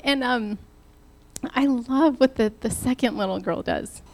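A woman preaching to a church in a lively, laughing, conversational sermon style. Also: on the high side, a little slow. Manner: animated, laughing while retelling, addresses the church directly.

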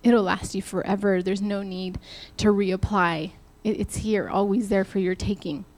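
A woman preaching to a church in a lively, laughing, conversational sermon style. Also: mid-range voice, moderate pace. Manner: animated, laughing while retelling, addresses the church directly.

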